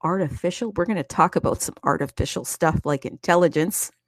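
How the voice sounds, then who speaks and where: Playful, chatty woman host, low voice. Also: brisk, no room sound. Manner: playful, chatty, singsong greetings. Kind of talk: casual crypto show hosting.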